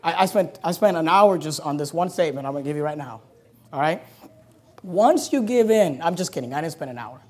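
A man's voice: fairly high pitch, animated, fast. A man preaching a sermon as pastor, emphatic and repetitive, with chatty asides. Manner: emphatic and repetitive, building to loud punches; conversational asides with laughs.

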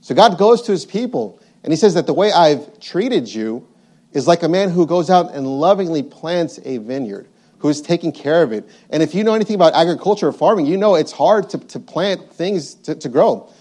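Male preacher, fairly high voice, emphatic sermon delivery, repeats key phrases. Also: expressive, normal speed, warm tone. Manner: repetitive, emphatic, reads scripture aloud.

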